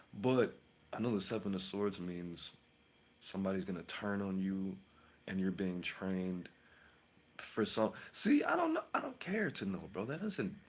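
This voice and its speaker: A man hosting his own channel as a tarot reader, rambling and boasting in a casual rant, mocking with sudden whispers and outbursts. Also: low-pitched.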